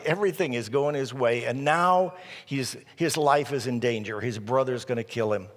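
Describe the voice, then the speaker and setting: A male pastor retelling a scripture story in an animated sermon, with frequent restarts. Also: medium pitch. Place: church sanctuary. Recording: reverberant church hall.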